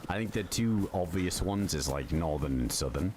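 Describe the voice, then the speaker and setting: A man's voice: deep voice, expressive, normal speed. A man streaming a survival game, chatting loosely with lots of fillers and swearing. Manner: rambling, filler-heavy, swears casually. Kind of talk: casual gaming livestream chat. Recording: constant background noise.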